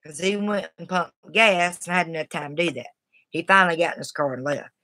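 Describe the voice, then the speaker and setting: Tough, blunt woman with a bright voice, dry close sound, casual storyteller. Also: fairly low pitch, fairly quick, no room sound. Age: adult, has a daughter. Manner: blunt and tough, Southern-sounding colloquial speech.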